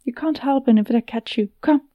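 A woman's voice: on the high side, a little fast, no echo, highs cut off, lightly acted. A woman doing a pushy, teasing young woman. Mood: coaxing. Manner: chatty, talks over others, teasing.

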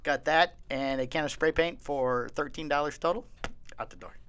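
A man's voice: on the high side, normal speed, smooth, no echo. A man co-hosting a podcast, telling stories in casual chat and laughing often. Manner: laughing, animated storyteller. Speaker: podcast co-host.

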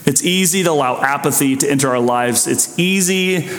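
A man preaching a sermon as pastor, conversational and animated, often restarting and throwing in asides. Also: fairly high pitch, normal speed, a little hiss or hum. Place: church sanctuary. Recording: echoey hall.

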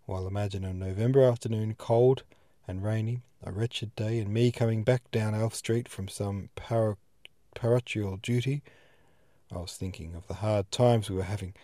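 A man's voice: fairly low pitch, fairly even intonation, normal speed, dark tone, no echo, lightly acted. A man voicing an elderly male pastor who tells a long anecdote at a dinner table, in a genial storytelling way. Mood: earnest.

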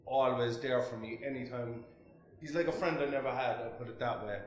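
A man's voice: mid-range voice, fairly even intonation, brisk, roomy sound, slight background noise, rough recording. A young Irish man chatting casually as a podcast guest, laid-back, swearing freely and laughing often. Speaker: podcast guest, food reviewer. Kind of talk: casual chat.

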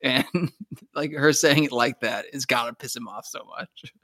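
A man co-hosting a casual TV recap podcast, talking haltingly with many fillers and restarts. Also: mid-range voice, bright, forceful tone, dry recording, studio quality. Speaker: podcast co-host.

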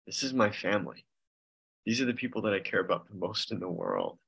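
Deep-voiced young man, earnest. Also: huge pitch swings, vocal fry, fairly bright tone, husky, low-quality recording. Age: 20s. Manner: earnest, halting, laughs nervously. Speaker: meeting member sharing. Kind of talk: casual personal share. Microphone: video call.

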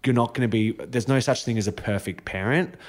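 A man's voice: medium pitch, fairly quick. A man talking as a podcast guest and father in a candid, chatty casual conversation. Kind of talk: casual chat.

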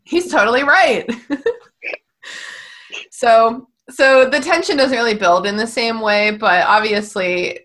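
A woman's voice: fairly high pitch, takes it slowly, long pauses, fairly bright tone. Chatty giggly woman podcaster. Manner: chatty, laughs often, swears casually. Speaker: podcast co-host. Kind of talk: casual chat about a film.

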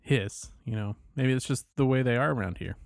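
A man's voice: mid-range voice, brisk, creaky, darkish tone, no room sound, studio quality. Casual male tabletop player. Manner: casual, hesitant, many fillers.

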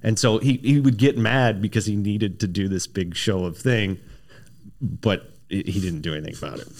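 A man with a very deep, low-set voice spins long stories from his army years in a casual podcast chat. He is animated, piling on fillers, restarts and little asides as he goes. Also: moderate pace. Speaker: podcast guest, former special operations soldier. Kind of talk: casual interview storytelling.

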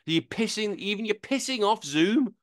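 A man's voice: high voice, expressive, normal speed, no echo, studio quality. A man hosting a casual chat over a video call, ranting animatedly and swearing. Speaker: podcast host. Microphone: headphones and desk microphone.

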